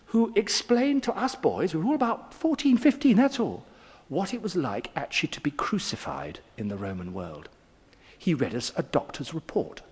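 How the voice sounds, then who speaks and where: A man giving an evening lecture on poetry, telling stories with a husky voice and wide swings of pitch. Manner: expressive storyteller, pitch swinging widely. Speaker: guest lecturer. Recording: echoey hall.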